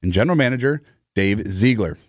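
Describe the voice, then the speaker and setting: A man anchoring radio sports news, reading in a brisk, steady delivery. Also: fairly low pitch, no echo, clean studio sound.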